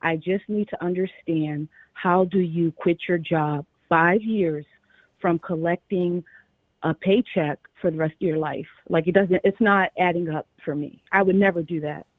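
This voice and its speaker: A woman's voice: lowish voice, fairly even intonation, measured pace, no echo. A woman from Philadelphia calling in to a show and giving her opinion plainly and directly. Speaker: caller. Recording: dry tinny phone line.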